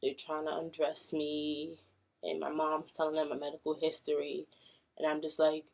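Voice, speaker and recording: A woman's voice: deep voice, completely flat delivery, normal speed, creaky, darkish tone. A young woman from Brooklyn, casually telling a personal story to camera and acting out what people said. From Brooklyn, New York. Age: young adult. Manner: casual, acts out quoted voices. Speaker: vlogger.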